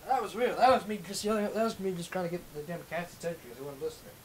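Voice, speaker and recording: A man's voice: sits high, animated, rapid-fire, a little hiss or hum, low-quality recording. A young man hosting a livestream, ranting in a rambling, profane way with lots of restarts. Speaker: livestream host. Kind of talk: ranting casual monologue.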